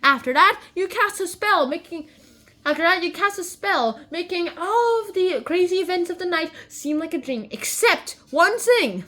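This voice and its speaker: A woman voicing an irritable male fairy king in a casual video summary, scolding and shouting orders. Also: very high voice, lively intonation, normal speed, pitched above the performer's own voice, heavily acted. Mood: commanding.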